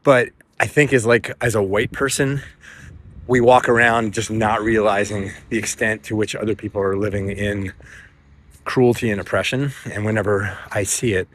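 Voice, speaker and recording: A middle-aged man from the United States tells a story in a loose, digressive way, full of fillers and side remarks. His voice sits a little low. He is recorded outdoors, with a faint wind in the background. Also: fairly even intonation, normal speed, fairly bright tone. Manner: rambling, digressive, with frequent fillers and asides. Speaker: vlogger. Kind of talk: casual storytelling vlog. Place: outdoors in a windy town. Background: faint wind noise.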